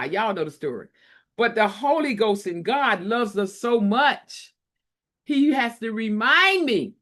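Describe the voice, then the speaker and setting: A woman's voice: on the high side, sing-song, slow pace, fairly bright tone. A woman hosting a book launch, giving an emotional, preachy motivational talk full of repetition. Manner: preachy, repetitive, tearful at times. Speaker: book collaboration host.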